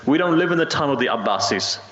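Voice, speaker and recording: A man's voice: fairly high pitch, lively intonation, fast, fairly bright tone. A man preaching a sermon with earnest emphasis, telling a story to a mosque congregation. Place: mosque hall. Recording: roomy, dull hall recording.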